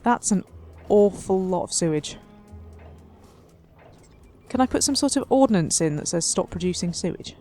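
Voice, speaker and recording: A woman's voice: on the low side, animated, moderate pace, pauses often, warm tone, faint music behind. A woman hosting a city-building let's play, chatting wryly and talking to her simulated residents as she builds. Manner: chatty, wry, talks to her sims. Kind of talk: casual game commentary.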